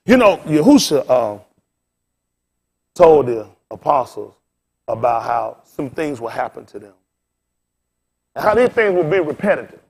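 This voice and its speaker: A man's voice: a little high, sing-song, measured pace, creaky, pauses often, darkish tone, husky. A man in his fifties preaching to his congregation, tired and frustrated, firing off rhetorical questions and repeating phrases with sudden rises and drops in force. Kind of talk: impassioned sermon to a congregation.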